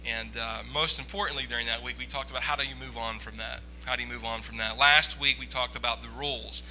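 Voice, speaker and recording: A man's voice: medium pitch, steady tone, fast, pushed and bright, slight background noise, poor audio. A man preaching a sermon as pastor, conversational and joking with the congregation. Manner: joking, conversational, audience-teasing.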